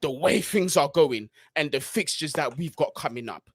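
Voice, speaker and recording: Host going off about his team, pretty high voice, dry close mic. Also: lively intonation, normal speed, husky, no room sound. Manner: fired-up, slangy, keeps asking "yeah?". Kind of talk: casual football podcast chat.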